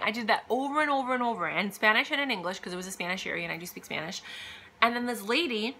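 Chatty, bright-voiced woman giving advice. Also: mid-range voice, fast. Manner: chatty, emphatic, many fillers and quoted asides. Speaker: vlogger giving career advice. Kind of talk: casual motivational monologue.

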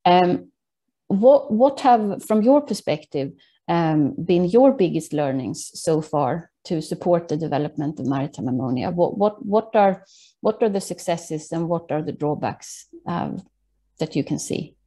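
A woman's voice: on the low side, expressive, measured pace, dark tone. A woman moderating a webinar panel over a video call, asking questions with many hesitant fillers.

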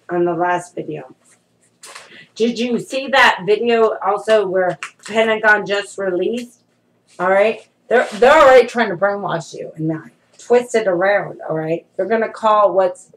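A middle-aged woman preaching in a loose, conversational way, leaning hard on her warnings and calling her listeners saints. Her voice sits in an ordinary middle pitch for a woman. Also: poor audio. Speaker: prophetess preaching to followers. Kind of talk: informal prophetic sermon to camera.

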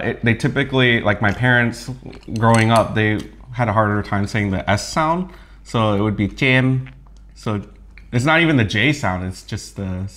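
A man's voice: medium pitch, a bit bright. A young man co-hosting a mukbang, chatting casually, teasing and laughing often. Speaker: co-host of a mukbang channel. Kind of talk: casual chat while eating.

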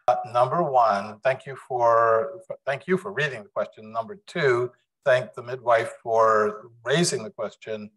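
A man giving a public lecture to a live audience in a room, speaking deliberately with frequent restarts. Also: mid-range voice, a bit bright, low-quality recording. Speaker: guest lecturer.

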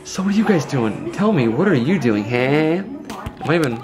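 A man's voice: on the high side, sing-song, normal speed, over music. An exhausted man chatting casually for his vlog at home, rambling and self-mocking. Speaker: vlogger and dad. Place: indoors at home. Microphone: handheld camera held up high.

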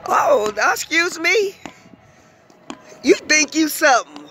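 High, bright-voiced playful grandmother. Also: sing-song, slow, soft background music. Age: older. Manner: playful cheering and coaching, teasing scolds. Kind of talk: casual family play.

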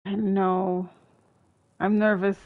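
A woman streaming a video game, reacting excitedly to boss fights and chatting to her viewers. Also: mid-range voice, takes it slowly, narrow, tinny audio. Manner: excitable, exclaims often, thanks viewers. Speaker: gaming streamer. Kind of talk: live gameplay commentary.

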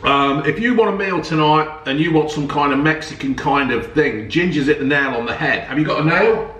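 A man's voice: a little high, brisk, fairly bright tone, recorded from a distance. A man chatting casually and joking as he reviews ready meals at home, swearing now and then. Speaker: food reviewer vlogger. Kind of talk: casual food review chat. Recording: roomy sound from off the mic, faint noise.

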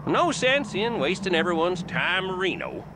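A man's voice: sits high, wildly swooping pitch, unhurried, background noise, full character voice. A man voicing a folksy, chummy small-town sheriff in a video game, tacking a silly suffix onto his words. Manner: folksy drawl, tacks "erino" onto words. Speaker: game character.

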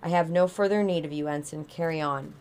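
A cool, logical female Vulcan officer from a storybook, speaking in a low voice with clipped, formal orders. A woman reads her lines aloud. No emotion shows in the delivery. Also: a little fast, darkish tone.

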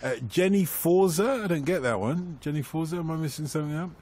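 A man's voice: fairly high pitch, fast talker, darkish tone, slightly rough. A man hosting a radio football phone-in, reading out listeners' messages and laughing at his own puns.

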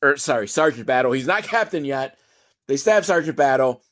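A man's voice: mid-range voice, expressive, normal speed, a bit bright. Sarcastic, rambling male movie reviewer. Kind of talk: casual comedic movie recap.

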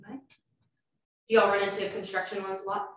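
A woman's voice: medium pitch, monotone, moderate pace. Woman, loan officer presenting, casual and explanatory; distant, roomy recording. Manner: explanatory, filler-heavy. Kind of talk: informal presentation. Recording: echoey room, far from mic, faint noise.

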